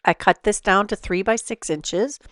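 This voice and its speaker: A woman hosting a card-making tutorial, explaining each step in a relaxed way with small fillers. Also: mid-range voice, moderate pace, no echo, clean studio sound. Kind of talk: voice-over craft tutorial.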